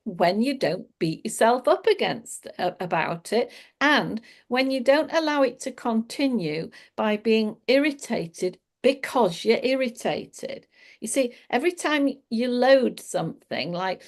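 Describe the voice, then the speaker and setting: Woman, spiritual teacher, reflective, laughs often, fairly high voice. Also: big pitch swings, a little slow. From England. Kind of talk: casual spiritual talk.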